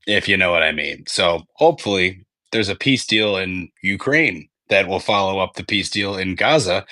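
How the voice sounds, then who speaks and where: A man's voice: sits low, lively intonation, normal speed, few pauses, bright, forceful tone, no echo. A man hosting a sports podcast in casual chat, rambling and swearing freely. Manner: rambling, profane, self-correcting. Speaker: podcast host.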